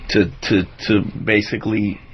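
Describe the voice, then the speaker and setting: A man's voice: fairly low pitch, flat delivery, normal speed, muffled recording, slight background noise. A man co-hosting a radio talk show, chiming in casually to finish the host's points.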